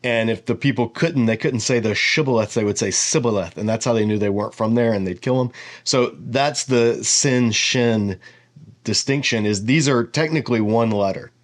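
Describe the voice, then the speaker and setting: A man giving a relaxed lesson, explaining each letter while thinking aloud. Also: medium pitch, moderate pace. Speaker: teacher. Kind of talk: casual whiteboard lesson.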